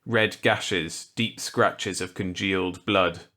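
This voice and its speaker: A man narrating a grim short story in a measured, deliberate way. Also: sits low, steady tone, bright, forceful tone. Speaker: audiobook narrator. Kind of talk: scripted narration.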